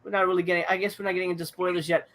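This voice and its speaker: Man, podcast co-host, bright tense tone, rambling casual talk, lots of fillers. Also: high-pitched, little pitch movement, racing. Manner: rambling, full of fillers and restarts. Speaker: podcast co-host reviewing movies. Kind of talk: casual chat.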